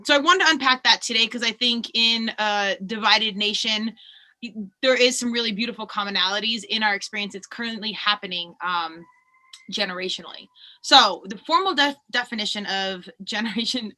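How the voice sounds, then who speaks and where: A woman from Colorado hosting a podcast, chatting in a bubbly, animated way and laughing easily. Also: medium pitch, brisk. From Colorado, USA. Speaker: podcast host. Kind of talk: casual podcast conversation.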